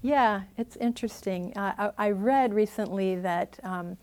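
A woman's voice: medium pitch, a little slow, a little mellow. A woman meditation teacher giving a dharma talk and answering questions, thoughtful and hedging, laughing easily.

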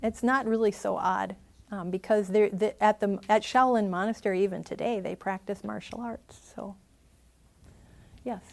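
A woman's voice: mid-range voice, fairly even intonation, normal speed, creaky, darkish tone. A woman meditation teacher giving a dharma talk and answering questions, thoughtful and hedging, laughing easily.

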